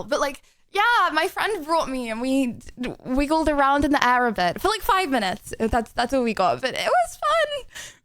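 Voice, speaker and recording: Young woman livestreamer, high-pitched, giggles and rambles through casual chat. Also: a bit bright, no echo. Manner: giggly, rambling with many fillers.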